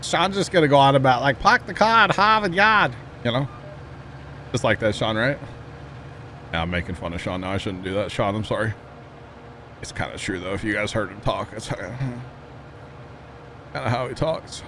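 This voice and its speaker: A young man with a Midwestern American accent, lowish in pitch and moderate in pace, pauses often while chatting casually with viewers as he streams a game. He laughs a lot and teases himself, and there's background noise.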